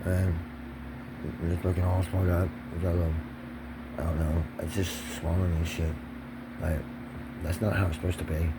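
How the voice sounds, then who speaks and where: A man's voice: deep voice, flat delivery, moderate pace, long pauses, very noisy. A man talking in a rambling, profane monologue, swinging from whispers to agitated pressured speech. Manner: rambling, drops to whispers then rises to agitated shouting.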